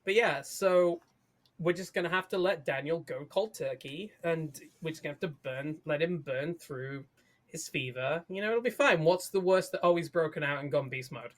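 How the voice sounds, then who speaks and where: High-voiced man recapping sardonically. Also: moderate pace. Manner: swears freely, sardonic recapping. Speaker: podcast co-host. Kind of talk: casual chat.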